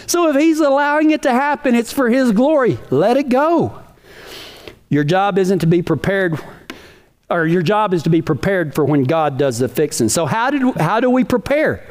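A man's voice: high-pitched, expressive, moderate pace. A man preaching a sermon in a folksy, emphatic way, full of rhetorical questions.

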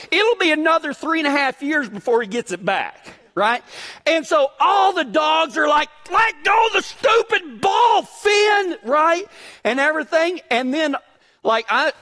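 A man preaching a sermon, telling a folksy, joking story in an animated way before turning to his point. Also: very high voice. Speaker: pastor.

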